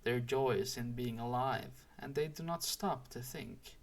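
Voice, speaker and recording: A man reading as a calm, wise old woodsman. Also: mid-range voice, lightly acted. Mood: gently instructive. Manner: measured, gentle teaching tone. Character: wise ageless male master woodsman, calm.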